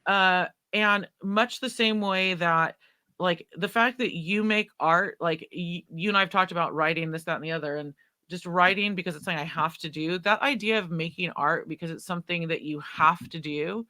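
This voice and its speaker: This woman hosts a casual live-streamed book conversation. Her voice is bright and forward, and her talk runs on in excited, looping sentences full of fillers and false starts. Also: lowish voice, normal speed. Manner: chatty, excitable, many restarts and fillers.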